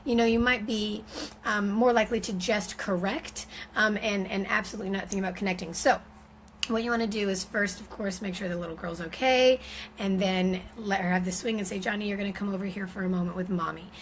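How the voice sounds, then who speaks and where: A woman's voice: medium pitch, steady tone, fairly quick, slight background noise, rough recording. A woman giving an informal teaching talk on parenting, speaking conversationally with frequent fillers and restarts.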